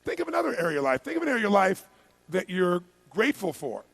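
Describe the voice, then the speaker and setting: A man's voice: high voice, huge pitch swings, racing, fairly bright tone, low-quality recording. A man giving a live seminar as a motivational speaker, firing repeated questions and urging the audience to answer.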